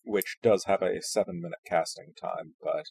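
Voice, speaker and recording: A man's voice: low-pitched, fairly even intonation, moderate pace, vocal fry, a little mellow, husky, dry recording. A man playing a tabletop role-playing game, explaining his character's spell in a wry way. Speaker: player.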